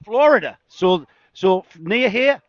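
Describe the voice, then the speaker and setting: High-voiced northeast English man, chatty. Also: animated, measured pace, dry recording. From northeast England. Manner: chatty and teasing, jokey banter. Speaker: trackside roving interviewer. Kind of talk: casual on-the-spot interviews. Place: outdoors at a racetrack campsite. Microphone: handheld mic. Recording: dull lo-fi outdoor sound.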